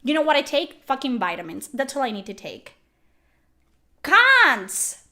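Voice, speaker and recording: A young woman ranting furiously and profanely to camera, yelling at her critics. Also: high voice, animated, fast talker. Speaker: YouTuber. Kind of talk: angry rant to camera.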